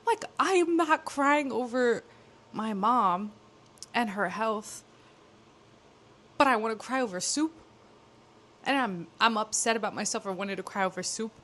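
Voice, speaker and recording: A woman's voice: on the high side, lively intonation, a little slow, pauses often, a bit bright. A young woman vlogging in a casual, candid way, rambling with lots of fillers as she talks to the camera. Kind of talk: casual confessional vlog.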